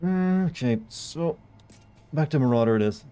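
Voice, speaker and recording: Speaking fairly quickly in a slightly mellow mid-range voice, a man streams a video game live. His talk is rambling, profane and joking, and game music plays faintly underneath.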